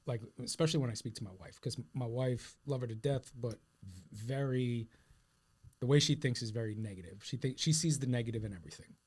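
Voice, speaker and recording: A man co-hosting a casual podcast, telling a home story in a relaxed, candid way. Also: medium pitch, brisk, husky. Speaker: podcast co-host. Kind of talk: casual conversation.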